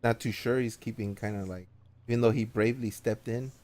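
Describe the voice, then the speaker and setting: A man narrating as game master of an online tabletop game, talking casually and haltingly with many fillers. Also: fairly low pitch, fairly even intonation, a little mellow.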